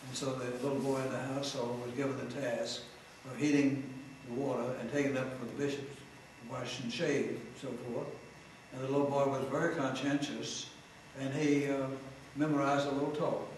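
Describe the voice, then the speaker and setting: Genial priest spinning jokes on TV. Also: male voice, mid-range voice, level tone, moderate pace. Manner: genial, anecdotal storytelling. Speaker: Episcopal priest, guest. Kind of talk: telling jokes in a TV interview. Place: TV studio. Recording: roomy, distant mic, faint noise.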